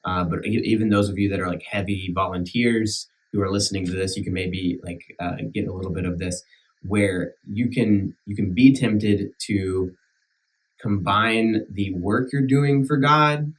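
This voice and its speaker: A man's voice: on the low side, steady tone, moderate pace, recorded from a distance, poor audio. A man with a country accent, a church minister chatting casually on a podcast, talking earnestly with many restarts and fillers. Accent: rural American country. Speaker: minister back from sabbatical.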